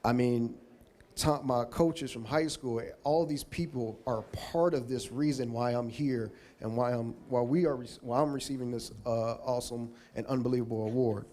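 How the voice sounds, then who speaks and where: A man's voice: medium pitch, moderate pace, dark tone. A man at an awards podium, speaking in a mid-range voice. His speech is heartfelt and loose, full of restarts as he moves from one thank-you to the next. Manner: emotional, rambling, thanking people one by one. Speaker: Hall of Fame inductee giving an acceptance speech.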